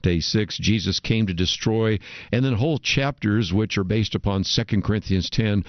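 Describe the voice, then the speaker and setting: A man hosting a radio interview, steering the talk in a measured way and citing passages. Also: on the low side, no room sound, lo-fi sound. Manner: measured, guiding, quotes from a book. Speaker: radio talk show host.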